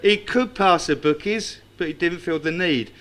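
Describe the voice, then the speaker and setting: A man's voice: a little high, moderate pace, a bit bright, a little hiss or hum. A man speaking at a tribute evening, reciting a tribute poem and telling wry, self-mocking anecdotes to a live audience. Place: club function room with live audience.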